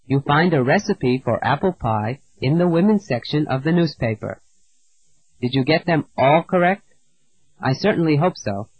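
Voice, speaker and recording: A man teaching an English lesson, reading out words and example sentences slowly and clearly, pausing for the learner to repeat. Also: on the high side, lively intonation, no echo. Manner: slow, clear, deliberate drilling with pauses. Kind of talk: scripted language lesson narration. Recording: dull dry lo-fi audio.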